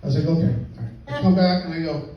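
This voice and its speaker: A man's voice: on the high side, fairly even intonation, racing. An older man, a grandfather, telling a folksy comic story on stage and chuckling as he goes. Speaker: stand-up comedian. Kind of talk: storytelling stand-up. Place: live venue with audience. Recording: distant, roomy, dull live recording.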